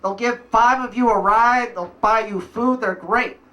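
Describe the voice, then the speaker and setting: A man telling a wry, casual personal story at a live story slam, pausing for punchlines. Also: high voice, bright, forceful tone, distant mic. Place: live event stage.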